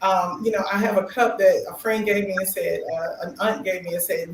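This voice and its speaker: A woman's voice: mid-range voice, moderate pace. A middle-aged woman guest on a talk show, telling her story expressively and acting out quotes. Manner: expressive, acts out quotes, laughs. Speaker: guest, new doctorate holder. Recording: roomy echo with faint noise.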